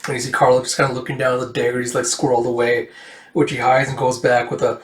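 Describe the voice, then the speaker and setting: A man's voice: medium pitch, little pitch movement, fast. A man casually reading through a comic, rambling with fillers and acting out the dialogue. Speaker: manga reader. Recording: echoey room, distant mic.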